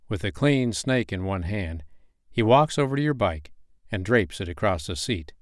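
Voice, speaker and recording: A man narrating an erotic audio story in second person, in a slow, measured, soothing way. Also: fairly low pitch, animated, no room sound, studio quality.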